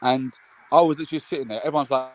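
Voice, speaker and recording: A man's voice: medium pitch, steady tone, racing, poor audio. A young man, chatting casually about football on a live watchalong, swearing freely and raising his voice when he retells his outbursts. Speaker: watchalong co-host.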